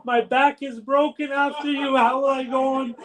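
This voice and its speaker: A preacher voicing a grieving, tender leader. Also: male voice, extremely high pitch, little pitch movement, normal speed, a bit bright.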